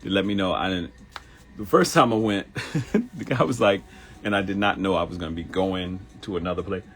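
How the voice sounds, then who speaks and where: A man in his thirties hosting a live motivational talk show, animated and laughing, who mimics people in high voices. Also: normal speed. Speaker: host.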